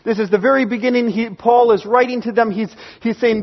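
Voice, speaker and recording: A man preaching a sermon, earnest and pleading, slowing down and repeating phrases for emphasis. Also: very high voice, fairly even intonation, highs cut off. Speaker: pastor.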